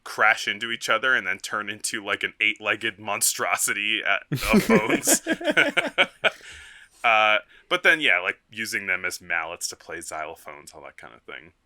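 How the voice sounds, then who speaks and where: A man's voice: lowish voice, lively intonation, normal speed, pushed and bright. A man co-hosting a film history podcast, talking casually with many fillers and frequent laughs. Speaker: podcast co-host.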